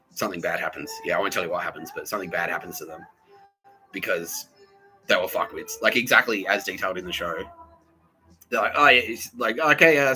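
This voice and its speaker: Australian man, profane rambling podcast monologue, keeps laughing, slightly low voice, very bright tone, faint music behind. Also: rough recording. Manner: profane, laughing often, doing quoted voices. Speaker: podcast host.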